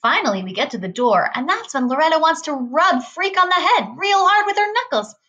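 A woman's voice: high-pitched, expressive, fairly quick, bright, forceful tone, muffled recording. A woman reading a novel aloud in a casual, conversational first-person narration. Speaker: reader.

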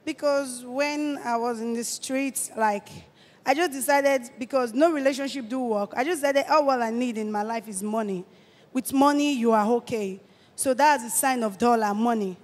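An eighteen-year-old woman with a Nigerian accent gives a halting personal testimony, often restarting her phrases. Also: fairly high pitch, big-room sound. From Delta State, Nigeria. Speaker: testifying church guest.

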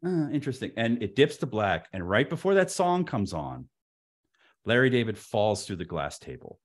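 A man in his fifties, a podcast guest telling an anecdote in an animated way, with frequent stammered restarts. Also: fairly low pitch, moderate pace. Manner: stammering restarts, lively and expressive.

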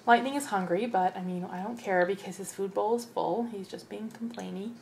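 A woman's voice: medium pitch, a little fast, vocal fry, darkish tone, a little hiss or hum. A young woman giving casual, chatty commentary over her gameplay and talking to her game characters. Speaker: let's play host.

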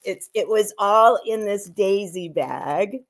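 A woman's voice: medium pitch, takes it slowly. A woman vlogger chatting casually on a livestream, gushing and rambling, teary after crying. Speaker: vlogger opening gifts.

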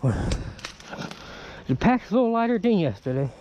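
A man's voice: sits high, sing-song, takes it slowly, mellow, slight background noise. A man vlogging in the woods, chatting casually, talking to his dog and swearing now and then. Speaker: bushcraft vlogger. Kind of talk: casual vlog talk. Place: outdoors in the woods.

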